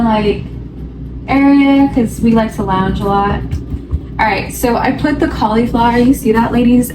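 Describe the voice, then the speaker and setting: Laid-back young woman vlogging from across the room. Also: mid-range voice. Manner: rambling, filler-heavy, laid-back. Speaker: lifestyle vlogger. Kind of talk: casual vlog chat. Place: apartment kitchen, then a gym. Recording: roomy, distant camera audio with music.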